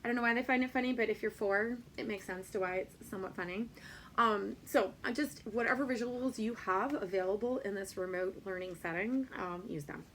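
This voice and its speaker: Creaky-voiced woman teacher, chatty. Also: mid-range voice, brisk, fairly bright tone, slight background noise. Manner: chatty, many ums, playful sing-song when reciting. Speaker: Spanish teacher. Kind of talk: teacher training talk.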